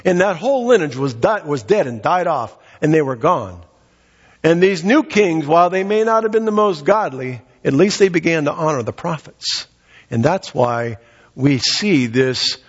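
Guy preaching, high lively voice, kinda husky, long echo in the hall. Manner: earnest preaching, reads scripture aloud and explains. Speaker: pastor. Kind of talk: sermon. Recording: dull lo-fi sound with long hall reverb.

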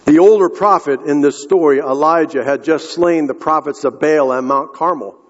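Male pastor, husky and fairly high voice, earnest storytelling sermon, dull lo-fi hall recording. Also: normal speed. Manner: earnest storytelling, addresses the congregation directly. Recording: echoey hall, dull lo-fi sound.

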